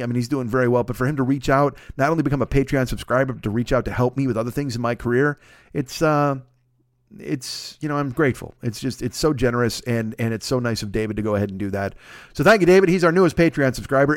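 A man in his forties hosts a solo comedy podcast and rattles quickly through tangents. His delivery is self-deprecating and salty. The recording sounds dry and close. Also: medium pitch, no echo. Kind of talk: casual rambling monologue. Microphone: studio microphone.

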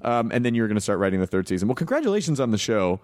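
A man in his thirties hosts a casual podcast interview with a slightly low voice. He jokes crudely and loosely as he goes, and he often laughs. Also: sing-song, very fast, a little mellow. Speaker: podcast host. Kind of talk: casual comedic interview chat.

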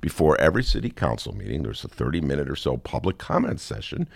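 A man hosting a talk radio show, giving lively, mocking political commentary and laughing often. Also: extremely low pitch, fast talker, gravelly, dry recording.

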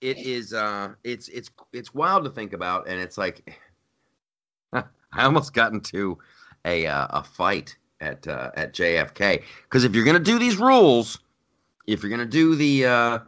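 A man co-hosting a podcast, telling stories in casual chat with loud, animated outbursts. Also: deep voice, normal speed. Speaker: podcast co-host. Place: lives in New York.

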